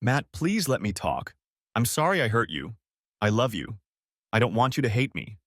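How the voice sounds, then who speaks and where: A man's voice: mid-range voice, sing-song, normal speed, no room sound, clean studio sound. A man reading as a tearful pleading wife.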